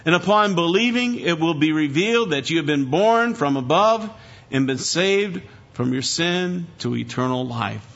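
Guy preaching a sermon, emphatic, kinda high bright voice, muffled lo-fi recording. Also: animated, normal speed, creaky. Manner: emphatic preaching, rising and falling. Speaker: pastor.

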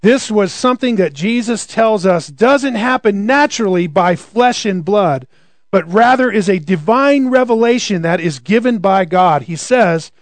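A man's voice: sits high, lively intonation, unhurried, no echo. A man preaching a conversational sermon, often asking rhetorical questions.

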